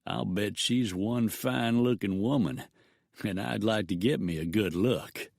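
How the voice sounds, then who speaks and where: A man's voice: on the low side, unhurried, vocal fry, darkish tone, dry recording, clean studio sound. A man voicing a crude, leering outlaw with a lazy, coarse drawl.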